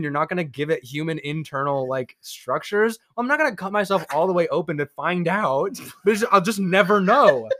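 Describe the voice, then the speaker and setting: A young man casually telling a story to a friend, rambling with many fillers and acting out quotes in an animated way. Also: high-pitched, normal speed, few pauses. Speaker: podcast co-host.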